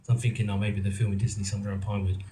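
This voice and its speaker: Racing along in a fairly low, mellow voice with flat delivery, a middle-aged actor and producer from England tells his story to a live audience. The talk, held at an event venue in a roomy hall, is casual, rambling and self-mocking, with lots of ums and restarts. The sound is roomy, with a little hiss or hum.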